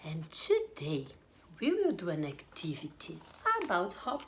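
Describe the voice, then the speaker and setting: A young woman teaching English to small children online in a slow, sing-song, animated way. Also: lowish voice. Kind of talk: online kids' English lesson.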